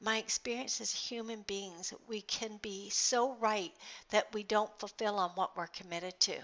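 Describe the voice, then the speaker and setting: A middle-aged woman talks earnestly on her motivational podcast, circling back with fillers and restarts as she tells a story. Her voice sits at an ordinary pitch, and the recording sounds slightly dull and lo-fi. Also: fairly even intonation, measured pace, a bit bright. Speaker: podcast host.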